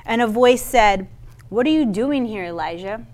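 A woman's voice: a little high, animated, normal speed, darkish tone. A woman giving a sermon, reading a Bible passage aloud with casual asides and stumbles over names. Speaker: Bible teacher.

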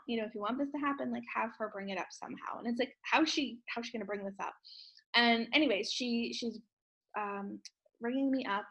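A woman co-hosts a relaxed podcast about spirit work, where she tells of her own readings as a medium. Her pitch sits a touch high, and she rambles along in a casual way with fillers and small restarts. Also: poor audio. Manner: chatty storyteller with many fillers and restarts. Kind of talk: casual chat.

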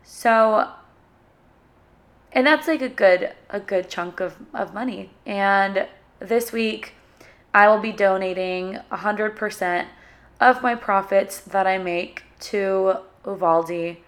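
A young woman hosts her own podcast, speaking alone at a middle pitch. She talks in an emotional, halting way, often stopping to search for the right words. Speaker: podcast host. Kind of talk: solo podcast talk.

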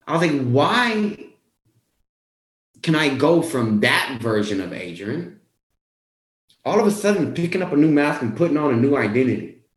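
A young man, a weight-loss coach, telling his own story to viewers in a casual, animated way and acting out what he said back then. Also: fairly high pitch, moderate pace, pauses often. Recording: roomy echo.

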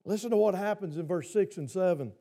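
A man's voice: high voice, a little fast, vocal fry, warm tone, breathy edge. A man preaching a sermon to his congregation, who keeps asking them questions. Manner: asks the congregation repeated questions. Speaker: pastor. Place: church.

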